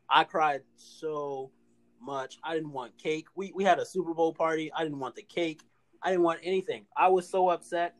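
A man, co-hosting a casual sports chat, animated and full of restarts. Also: fairly high pitch. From Philadelphia area. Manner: animated, talks fast with repeated restarts. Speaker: podcast co-host.

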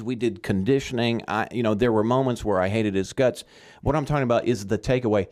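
A man's voice: medium pitch, a little fast, hardly any pauses, a little mellow. A man from Arkansas giving earnest, emphatic Christian teaching in conversation, often checking in with "okay?".

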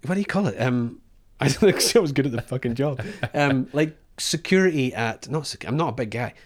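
A man's voice: medium pitch, animated, fairly quick. A man from Scotland, co-hosting a podcast in casual chat, rambling and self-deprecating, laughing often and swearing. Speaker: podcast co-host.

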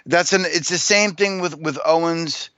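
A man's voice: on the high side, normal speed, pushed and bright, no echo. A man co-hosting a casual podcast, wry and sarcastic, giving frank opinions. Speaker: podcast co-host. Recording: dull, dry lo-fi recording.

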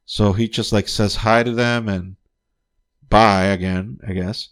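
A man with a somewhat low voice runs through a film's ending in a loose, podcast-style review. He talks in an excitable way, swears freely and keeps building up to the next reveal with "guess what?". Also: measured pace, clear, resonant tone. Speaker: podcast host. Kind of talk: casual spoiler-filled movie review.

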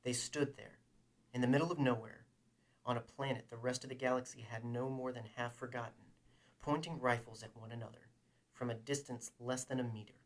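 A man reading a novel aloud in a steady, even storytelling voice. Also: medium pitch, a little fast. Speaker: audiobook narrator.

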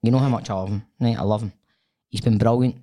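A man's voice: lowish voice, fairly even intonation, fast, dark tone. A Scottish man in his thirties, co-hosting a podcast in a studio, telling a long rambling story in casual chat with some swearing. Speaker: podcast co-host.

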